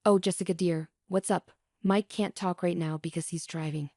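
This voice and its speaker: A woman's voice: fairly low pitch, fairly even intonation, moderate pace, darkish tone, no room sound, clean studio sound, natural voice. A woman voicing a scheming, domineering older mother-in-law in a story narration, mocking and smug.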